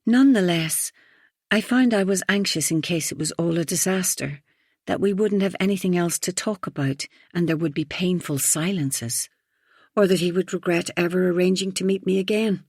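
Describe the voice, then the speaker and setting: A woman narrating a first-person audiobook thriller in an even, reflective storytelling manner. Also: on the low side, normal speed, dry recording, clean studio sound.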